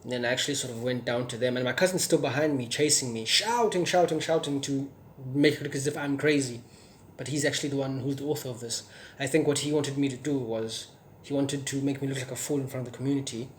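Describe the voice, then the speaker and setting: A man's voice: medium pitch, fairly even intonation, fast talker, a little hiss or hum. A young man from South Africa giving a personal testimony in an earnest way, with many fillers and restarts and an occasional stutter. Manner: stutters sometimes. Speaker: testimony speaker.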